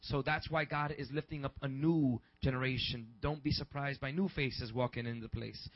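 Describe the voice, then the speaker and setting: A man in his twenties, a pastor, preaching in a rambling, conversational way that builds into shouts. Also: medium pitch, steady tone, moderate pace, dry recording. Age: 20s. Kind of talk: sermon. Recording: dull lo-fi recording.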